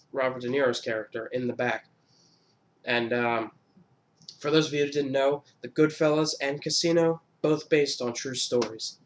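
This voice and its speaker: A man hosting his own video countdown of favorite films, talking casually in a rambling, profane way with lots of fillers and restarts. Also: medium pitch. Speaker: YouTuber.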